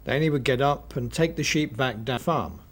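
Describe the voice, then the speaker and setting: A man narrating a children's story expressively, with dramatic pauses. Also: mid-range voice.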